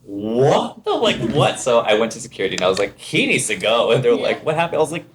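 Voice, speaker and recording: A man's voice: medium pitch, quick pace, slight background noise. A man from Ontario, Canada, a podcast guest telling casual stories and acting out the other voices in them. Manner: animated, acts out quoted voices. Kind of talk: casual storytelling.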